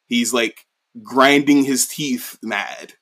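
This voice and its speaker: A man's voice: mid-range voice, slow pace, fairly bright tone. A man co-hosting a podcast, casually recapping a story in a rambling way, full of "you know" and "like". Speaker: podcast co-host.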